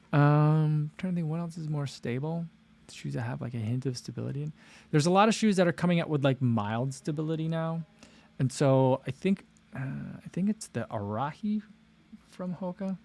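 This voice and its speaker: A man of medium pitch chats loosely on a livestream. He rambles and restarts his sentences, filling the gaps with "like" and "um" as he reads out viewer comments. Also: a little mellow. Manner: rambling, many fillers and restarts. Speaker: livestream host. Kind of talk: casual livestream chat.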